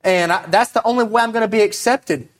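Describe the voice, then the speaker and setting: A frightened young queen rushes her words, her voice pitched high and strained with nerves, as a preacher puts her on. It is an everyday voice lifted only a little for the retelling. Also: lightly acted. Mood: anxious.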